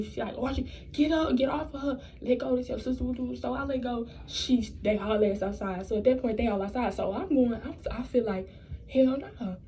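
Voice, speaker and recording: A woman's voice: medium pitch, warm tone, a little hiss or hum, low-quality recording. A young woman telling a personal story in a casual storytime vlog, blunt and profane, rambling and restarting her sentences. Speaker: vlogger.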